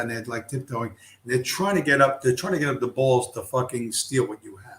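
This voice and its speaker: A man's voice: medium pitch, animated, normal speed, hardly any pauses, a bit bright. A middle-aged man hosting a casual livestream, ranting bluntly with heavy profanity. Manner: blunt, heavily profane, heated. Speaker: livestream host. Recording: roomy echo.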